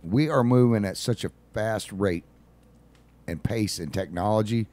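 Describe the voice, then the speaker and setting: A man co-hosting a casual radio talk show, telling stories in a lively way and acting out what people said. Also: lowish voice, unhurried. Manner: animated storytelling, acts out quotes.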